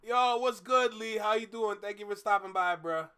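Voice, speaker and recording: A man's voice: high-pitched, normal speed, noisy background. A man with a Caribbean accent hosting a live reaction video, exclaiming, laughing and slipping into patois.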